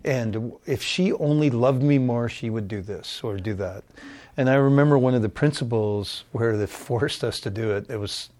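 A man's voice: medium pitch, darkish tone. A middle-aged man tells his story as a guest in a candid, unpolished way. He stops and restarts his sentences as he works through his thoughts. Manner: candid, halting, self-correcting. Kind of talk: personal testimony.

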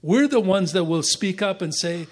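A man teaching the Bible, reading scripture aloud and explaining it, his voice sinking quieter at the ends of phrases. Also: sits high, expressive, moderate pace.

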